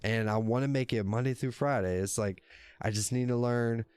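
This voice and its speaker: A man's voice: mid-range voice, normal speed, darkish tone, clean tone, dry recording. A man hosting his own livestream show, talking casually to viewers, rambling and correcting himself, with plenty of cursing. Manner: rambling, self-correcting, cursing, laughs often. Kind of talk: casual solo livestream talk. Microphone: desk microphone.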